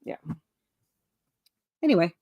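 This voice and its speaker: An indie comic creator appears as a guest on a video call, speaking slowly and rambling with lots of fillers and restarts. She's self-mocking and laughs at herself, and the lo-fi recording has no echo.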